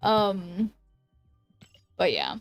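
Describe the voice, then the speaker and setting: This American woman's voice sits on the low side and swoops wildly in pitch as she speaks very slowly, without echo. She's from the United States and chats loosely while streaming a game, giggling and tailing off with ums. A dry close mic catches faint background music.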